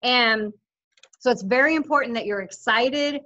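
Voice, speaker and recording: A fairly high-voiced woman coaches her sales team over a video call, upbeat and insistent. She slips into lively quoted voices as she goes. The audio is dull and lo-fi. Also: moderate pace. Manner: upbeat, insistent, animated quoting of others. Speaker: team leader coaching affiliates.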